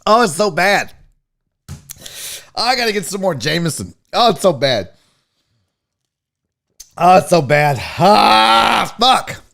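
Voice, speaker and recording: A slightly drunk man runs his sports talk livestream, bantering loudly with the chat and swearing freely. His pitch sits a bit high and swings widely from line to line. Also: big pitch swings, unhurried, pauses often. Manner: tipsy, loud, joking, swears often. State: a little drunk. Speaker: sports talk show host.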